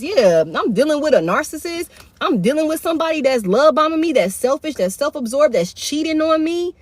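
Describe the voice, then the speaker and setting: A woman's voice: high voice, sing-song, a little fast, no echo. A woman giving a casual live tarot reading into a phone. She speaks bluntly, swears often, uses heavy slang and repeats her points. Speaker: tarot reader.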